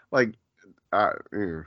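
A man's voice: on the low side, lively intonation, very slow, dry recording, lo-fi sound. A man hosting a podcast, chatting casually, rambling with lots of fillers and frequent laughs. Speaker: podcast host. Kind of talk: casual chat.

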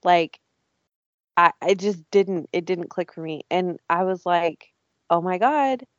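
A woman's voice: lowish voice, flat delivery, unhurried, a bit bright, no room sound, highs cut off. A woman telling a story animatedly in casual chat and swearing often.

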